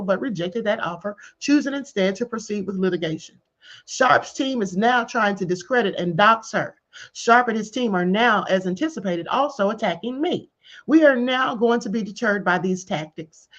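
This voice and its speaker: A woman hosts a casual commentary livestream and speaks to her chat directly, calling them beloveds and honey. Her voice sits a little high. The stream audio sounds dull and lo-fi, and her delivery is animated. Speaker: livestream host. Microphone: computer or headset mic on live stream.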